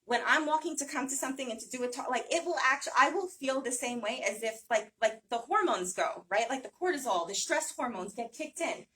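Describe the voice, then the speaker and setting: A woman's voice: high-pitched, expressive, fairly quick, few pauses, sharp tone. A woman giving a casual talk to a small audience, chatty, with many fillers and frequent "right?". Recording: voice from some distance.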